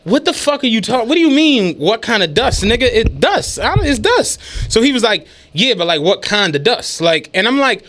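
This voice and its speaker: Animated man telling a story. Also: very high-pitched, a little fast, hardly any pauses. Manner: animated, profane, laughing retelling. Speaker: podcast host. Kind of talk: storytelling in casual chat.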